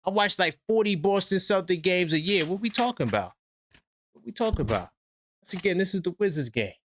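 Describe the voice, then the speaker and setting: A brash New man hosting a live call-in sports stream, loud and mocking as he trash-talks a rival team. His voice is bright and forceful, sitting a little high, and the close mic sounds dry with no room in it. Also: animated, brisk, no echo. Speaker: sports talk stream host.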